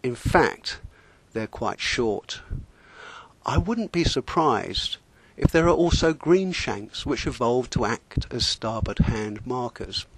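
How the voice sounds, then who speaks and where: Deadpan man telling a sailing story. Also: medium pitch, slow pace, slightly rough, no echo. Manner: deadpan, wry. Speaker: amateur sailor telling a comic story. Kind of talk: humorous spoken monologue.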